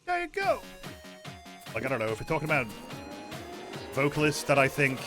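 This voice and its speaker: A man's voice: medium pitch, fast talker, over music. A man streaming a game and chatting casually, rambling, sarcastic and swearing a lot. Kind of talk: casual gaming stream chat.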